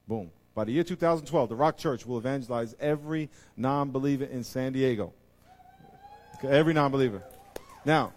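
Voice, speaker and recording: Male pastor, sermon, medium pitch, dynamic delivery with big swings from hushed to fired-up. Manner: animated, swings between hushed asides and loud excited bursts.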